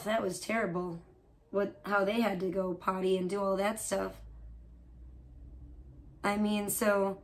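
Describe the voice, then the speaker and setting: This fairly high-pitched woman streamer, a mother of a young child, riffs casually off what viewers type. She's blunt and swears freely, lets out loud disgust, and keeps things chatty with lots of fillers and questions aimed at chat.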